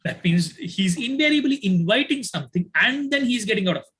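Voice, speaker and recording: A man's voice: high-pitched, animated, fairly quick, a bit bright, low-quality recording. A man teaching an online yoga class who repeats his key phrases, uses many fillers and calls on his students by name.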